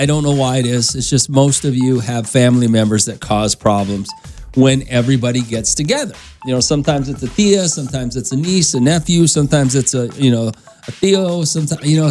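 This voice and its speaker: Chatty male radio host, higher voice. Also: darkish tone. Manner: rambling, conversational, talks straight to listeners. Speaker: radio morning show host. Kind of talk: casual morning radio chat. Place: radio studio.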